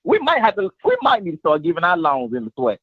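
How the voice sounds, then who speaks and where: A man's voice: on the high side, huge pitch swings, fast, husky, no echo. A man calling into a sports show, boastfully trash-talking a rival team's fans. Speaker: caller. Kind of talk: phone-in fan banter. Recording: dull phone-call audio.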